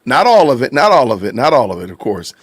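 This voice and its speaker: A man's voice: medium pitch, sing-song, fast talker, husky, no room sound. A man hosting a live-stream podcast in casual commentary, reacting to chat with repeated phrases and frequent laughs. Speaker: podcast host.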